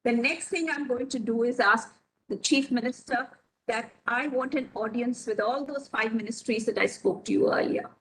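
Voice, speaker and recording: Measured woman panelist on a video call. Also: a little high, a bit bright, slight background noise, rough recording. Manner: measured, methodical, lays out plans point by point. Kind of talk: panel discussion answer.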